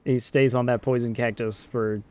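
A man's voice: medium pitch, level tone, moderate pace, a little mellow, clear, resonant tone, dry recording. Man narrating as game master, dry sound.

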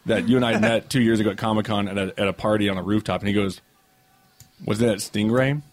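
A man's voice: fairly low pitch, little pitch movement, very fast. A young man on a podcast, telling a long anecdote in casual chat, swearing freely and acting out what people said. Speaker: podcast co-host.

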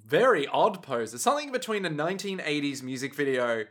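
A man co-hosting a comedy podcast, tossing in sarcastic, swearing remarks as the story is retold. His voice sits a bit high and moves around a lot. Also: very animated, a little fast, a bit bright. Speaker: podcast co-host. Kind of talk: casual comedic recap chat.

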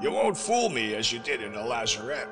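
Guy doing a mean blind sea captain, sneering and bossy, lively ups and downs, reverby with music. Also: medium pitch, brisk, creaky. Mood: threatening. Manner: sneering, threatening.

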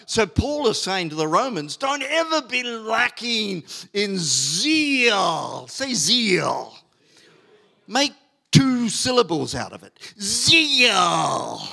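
A middle-aged male pastor preaching a sermon, stressing key words slowly and loudly, with many fillers and restarts. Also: on the high side, vocal fry.

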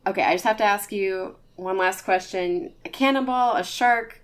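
A jittery, nosy man at a bar, played by a woman who pries with hesitant, halting questions. His voice sits in a mid register. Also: mid-range voice, smooth, natural voice.

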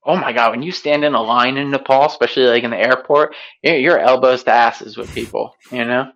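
Male co-host, mid-pitched, reflective conversational storyteller; slightly muffled, lo-fi audio. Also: fairly even intonation, a little fast, fairly bright tone.

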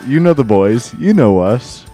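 A man's voice: mid-range voice, expressive, unhurried, warm tone, soft background music. Joking young man hosting a podcast. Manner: joking, laughs often, rambling. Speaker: podcast co-host. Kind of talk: casual comedic podcast banter.

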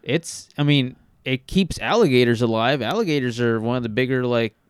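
A man's voice: mid-range voice, moderate pace, clear, resonant tone, no echo, studio quality. A man from Texas, co-hosting a podcast, chatting casually and rambling with many fillers and restarts. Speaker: podcast co-host. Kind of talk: casual chat.

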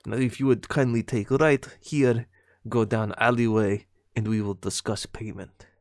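A man voicing a shady crime handler, talking low and conspiratorial. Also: fairly even intonation, measured pace, a little mellow, no room sound, studio quality, close to an everyday voice. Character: shady male crime handler with mock Russian accent.

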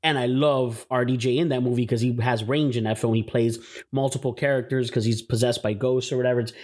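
A man's voice: mid-range voice, brisk. A man co-hosting a podcast, chatting casually and rambling with frequent laughter. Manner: laughs often, animated rambling. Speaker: podcast co-host. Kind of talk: casual chat.

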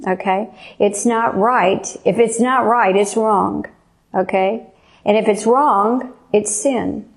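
Female preacher, gravelly edge, earnest testimony delivery. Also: mid-range voice, steady tone. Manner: earnest, slow and emphatic. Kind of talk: testimony sermon.

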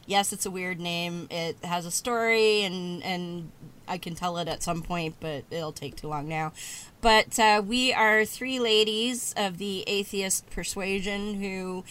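A woman guest on a casual podcast chat, talking haltingly and laughing often. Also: lowish voice, fairly bright tone, clear, resonant tone.

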